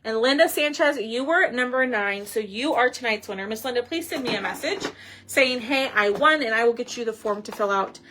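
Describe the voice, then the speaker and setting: A woman's voice: a little high, brisk, background noise. A woman hosting a casual crafting livestream, chatting and thinking aloud as she works. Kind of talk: casual live crafting chat.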